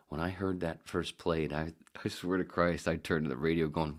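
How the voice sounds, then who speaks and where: Brief: male podcast host from the United States with a very low, deep voice, casual rambling chat full of swearing and mumbled asides. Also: steady tone, normal speed, few pauses.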